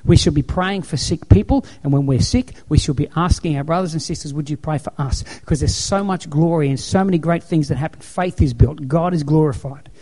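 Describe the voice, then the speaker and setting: A male pastor delivering a sermon with a somewhat high but mellow, warm voice. He tells his stories emphatically and keeps repeating key phrases for weight. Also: a little fast, few pauses. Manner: emphatic, repetitive storytelling preacher.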